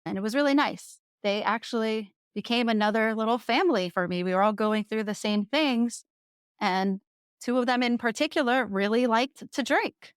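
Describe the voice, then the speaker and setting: A woman in her thirties from the Jersey Shore, a podcast guest candidly telling her own story with lively laughter. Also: fairly high pitch, moderate pace, clear, resonant tone, no room sound, studio quality. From Jersey Shore, USA.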